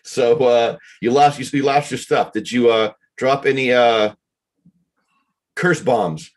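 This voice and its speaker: A man's voice: mid-range voice, slow pace. A man co-hosting a casual chat, chummy and encouraging, egging his partner on. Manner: chummy, encouraging, laughs along. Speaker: podcast co-host, coach.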